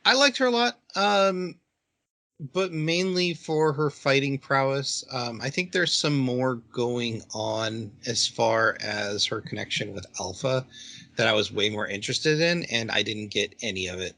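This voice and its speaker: A man co-hosting an anime podcast, jumping in with quick remarks and jokes. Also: medium pitch, vocal fry, pushed and bright. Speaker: podcast co-host. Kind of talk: casual chat about anime.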